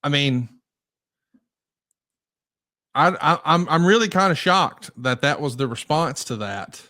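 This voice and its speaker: A man's voice: fairly high pitch, expressive, takes it slowly, sharp tone, no room sound, studio quality. A man hosting a podcast interview, chatting eagerly and needling his guest with pointed questions. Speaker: podcast host. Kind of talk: casual interview chat.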